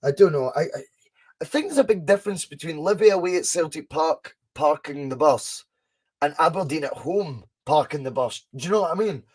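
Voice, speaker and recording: A young Scottish man runs a live fan watchalong, his voice pitched a little high for a man. He chats casually, calls the action with excitement and answers viewers' comments, with the odd swear word thrown in. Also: fairly quick, breathy edge. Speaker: podcast host doing a live fan watchalong.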